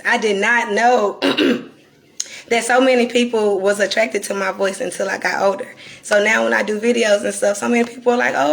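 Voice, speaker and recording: A woman from North Carolina with a Southern accent and a raspy, croaky voice, talking candidly and deliberately to viewers on a live stream. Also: mid-range voice, fairly bright tone. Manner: reflective and candid, slowed deliberate delivery. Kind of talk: casual live-stream talk.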